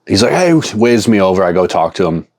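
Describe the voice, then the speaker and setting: A man's voice: sits low, fast. A man hosting a casual vlog, telling a rambling, profane, sarcastic story about buying a collection. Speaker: comic shop owner and video host.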